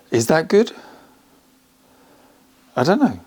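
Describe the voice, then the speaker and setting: A car restoration vlogger speaks very slowly in a slightly high, sing-song voice that is a little mellow with a breathy edge. While working in his home garage, he mutters casually to himself and the camera, wryly mocking himself and straining.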